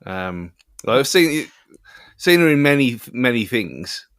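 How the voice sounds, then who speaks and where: A man gives his film opinions in a loose, rambling podcast chat, often restarting his sentences. His voice is mid-pitched. The recording is dry and close-miked. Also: sing-song, slow pace, fairly bright tone, smooth, no echo. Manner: rambling, many restarts and fillers. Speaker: podcast co-host. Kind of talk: casual film review chat.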